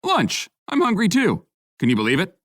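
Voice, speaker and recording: A male narrator voicing an excitable, oblivious young man in an audiobook, pushing his voice up high and bright. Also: moderate pace, no room sound, studio quality, heavily acted. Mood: excited. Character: excitable cheerful young man Reggie, loud.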